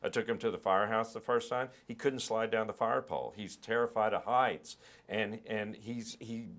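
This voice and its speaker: A middle-aged film director in a relaxed interview, thoughtful and explaining at length, often restarting and repeating words. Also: male voice, lowish voice, normal speed.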